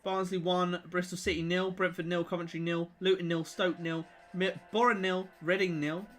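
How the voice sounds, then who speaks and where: A man with a Birmingham accent hosting a casual football watch-along stream, chatty and jokey, reeling off scores in quick lists. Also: sits high, little pitch movement, fairly bright tone, faint music behind. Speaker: football live-stream host.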